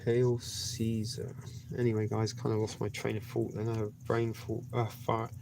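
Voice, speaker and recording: A man's voice: fairly low pitch, completely flat delivery, a little fast, creaky, darkish tone, slight background noise. A man hosting a livestream, rambling casually with many hesitations. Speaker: livestream host.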